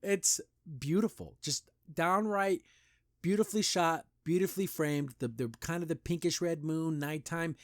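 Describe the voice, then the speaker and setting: A fairly high-voiced man talks through a cartoon episode in a loose, eager review. He piles on fillers and restarts, and his voice shoots up whenever something strikes him as sweet or beautiful. The sound is dry and close, with no room around it. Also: no echo. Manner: enthusiastic, rambling, heavy on "like" and "you know"; pitch jumps up when praising. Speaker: host of a cartoon review show.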